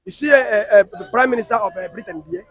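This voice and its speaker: A man's voice: extremely high pitch, fast, fairly bright tone, dry recording. A man with a Nigerian Pidgin accent, arguing emphatically and repeating himself in a heated street interview. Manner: emphatic, repetitive, scolding.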